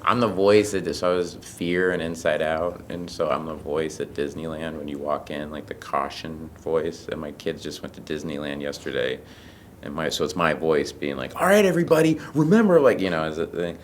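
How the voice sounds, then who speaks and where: A man chatting as an interview guest, animated and telling stories with lots of energy. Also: a bass voice, normal speed, a little hiss or hum. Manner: animated storyteller who acts out quotes. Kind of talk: casual interview chat.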